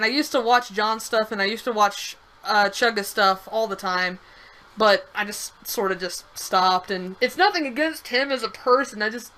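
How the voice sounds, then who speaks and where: A woman's voice: on the high side, a bit bright, low-quality recording. A young woman co-hosting a game stream, telling a rambling story with restarts and the odd swear. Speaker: streamer co-host. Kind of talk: casual chat over a game stream.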